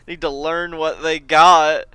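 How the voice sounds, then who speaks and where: A woman co-hosting a podcast, talking slowly and casually about a cartoon episode, often stammering and repeating her words. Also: low voice, flat delivery, a bit bright, clean tone, no echo. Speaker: podcast co-host.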